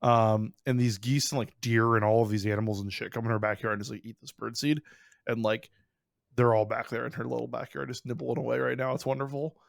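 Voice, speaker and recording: A young man with an Ohio accent chats casually as a podcast co-host, rambling and upbeat with many fillers. His voice sits at an ordinary pitch. The recording is dry and close, with no room sound. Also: level tone, brisk, gravelly, no echo.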